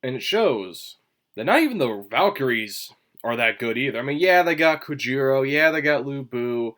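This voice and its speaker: A man's voice: mid-range voice, expressive, normal speed, a bit bright. A man hosting a casual solo commentary video, rambling and chewing gum as he talks, with sudden emphatic bursts. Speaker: manga commentary video host.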